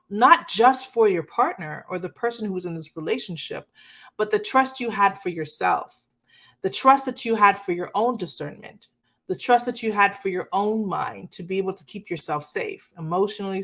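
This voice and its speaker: A woman's voice: mid-range voice, a bit bright. A woman giving a live coaching talk on relationships, earnestly speaking to her viewers and often checking in with "okay?". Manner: addresses viewers directly, asks for comments. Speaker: marriage coach.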